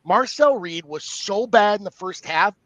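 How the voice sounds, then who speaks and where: A man with a high, bright and forceful voice co-hosting a live sports talk stream, recorded close and dry. He talks in an animated way, stammering through restarts as he gives blunt opinions about the games. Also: measured pace, dry recording. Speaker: co-host.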